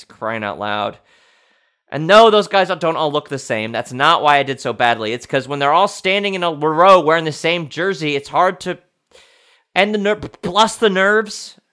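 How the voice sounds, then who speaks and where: Lively, bright-voiced man hosting a podcast. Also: on the high side. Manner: rambling and self-mocking, thinking aloud. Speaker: podcast host. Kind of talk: casual solo podcast chat.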